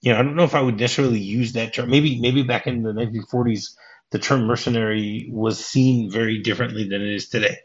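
Man, podcast host, mid-pitched, casual movie chat, slightly dull lo-fi sound. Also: steady tone, fast talker. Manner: retells film scenes, acting out the lines.

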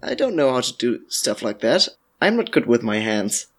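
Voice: mid-range voice, very animated, moderate pace, voice pushed down. A player voicing a nervous young male mage who stammers and hesitates. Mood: friendly.

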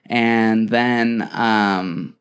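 A young man hosting a podcast, telling a story in casual chat, animated, acting out quotes and swearing freely. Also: on the low side, drawn-out words, clear, resonant tone.

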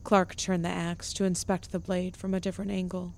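A woman narrating a comedic story in a deadpan, mock-grand delivery. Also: lowish voice, fairly quick, creaky.

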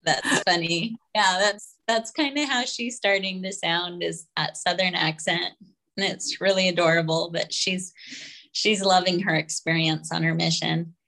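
A woman being interviewed on a podcast, speaking hesitantly with many ums and soft laughs. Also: fairly low pitch, fairly even intonation, a little slow, poor audio. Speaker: podcast guest. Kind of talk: casual interview chat.

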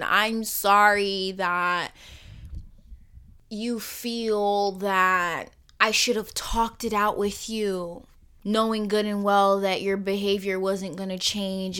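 A woman's voice: medium pitch, clear, resonant tone. Emphatic woman podcast host, near-whispers. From Caribbean. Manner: emphatic, rhetorical, dropping to soft near-whispers. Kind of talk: personal monologue podcast.

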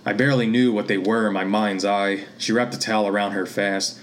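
A man from Pennsylvania reading his own literary fiction aloud in a steady, measured way. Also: lowish voice, slight background noise. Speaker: author and reader.

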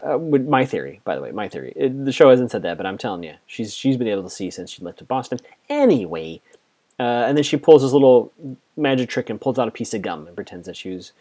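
Man, tv episode recap, lively swooping pitch, chatty, quotes characters. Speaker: TV recap host.

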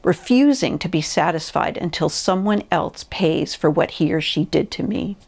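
A woman preaching a sermon in an earnest, measured way, reading scripture and a story aloud. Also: lowish voice, lively intonation, creaky, a little mellow. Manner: earnest, measured teaching with pauses.

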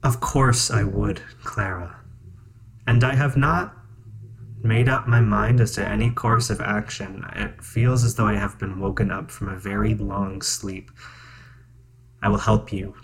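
A man voicing a calm, formal male character who has just been woken from a long sleep. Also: on the low side, creaky, noisy background. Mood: gentle resolve. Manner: measured and formal. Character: calm, grateful, just-awakened male being.

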